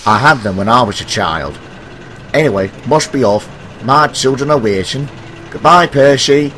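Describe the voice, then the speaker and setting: A man voicing a kindly older railway boss who talks in a brisk, fatherly way, over loud background music. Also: mid-range voice, expressive, background noise, voice pushed up, lightly acted.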